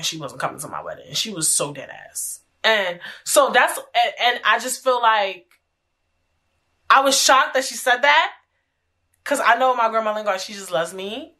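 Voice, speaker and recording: A young woman with a medium-pitched, pushed and bright voice hosts a casual storytelling chat. She's frank and chatty, swears, and repeats herself a lot.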